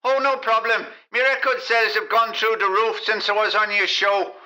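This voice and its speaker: A man doing a brash, bright-voiced pop star. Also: high voice, flat delivery, moderate pace, pitched above the performer's own voice. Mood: boastful. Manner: crude, boastful, blurts rude remarks. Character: cheeky young male pop star impression. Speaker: phone-in guest. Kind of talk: comedy sketch impression.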